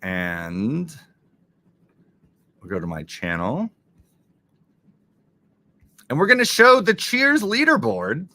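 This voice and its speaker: Animated man hosting a live stream. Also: medium pitch, slow pace, long pauses. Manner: excitable, thanks viewers, frequent laughter. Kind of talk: casual live-stream chat with viewers.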